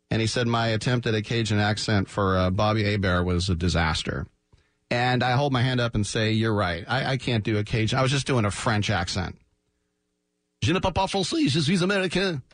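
A man hosting a sports talk radio show, animated and jokey, often slipping into quick mock voices. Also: on the low side, no room sound, studio quality. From San Francisco Bay Area. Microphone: studio microphone.

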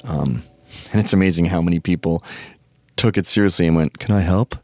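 A man's voice: low-pitched, a little fast, gravelly, darkish tone, no room sound. A man hosting a podcast, telling a rambling, profane comic story full of tangents. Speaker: podcast host. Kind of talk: casual comedic storytelling.

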